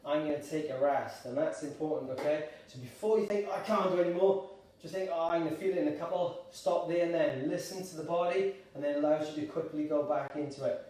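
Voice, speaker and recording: A man leading a live gentle exercise class, upbeat and encouraging, calling out participants by name and a little out of breath. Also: on the high side, recorded from a distance. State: slightly out of breath. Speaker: exercise instructor. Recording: echoey room, voice away from the mic.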